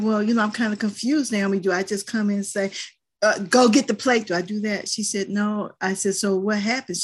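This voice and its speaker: Husky grandmother, firm and earnest. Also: medium pitch. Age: older. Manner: firm, earnest, tells stories. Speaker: panelist. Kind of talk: casual discussion.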